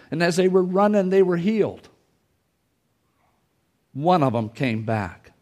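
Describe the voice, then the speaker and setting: A man's voice: sits high, sing-song, a little slow, darkish tone. A man preaching a sermon in a church, folksy in manner, who repeats his phrases and acts out the scripture quotes. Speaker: pastor.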